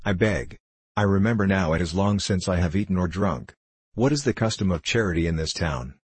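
A weary old holy man speaks slowly and calmly in stately old-fashioned phrases, as a man reads him in an audiobook. The voice is very deep and husky, recorded close and dry. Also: no echo. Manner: calm, archaic formal speech. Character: weary gentle old Tibetan lama, male. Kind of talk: audiobook character reading.

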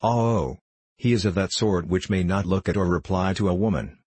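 A man voicing a sharp-tongued farmer's wife in an audiobook, scolding as she talks. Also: deep voice, normal speed, husky, dry recording.

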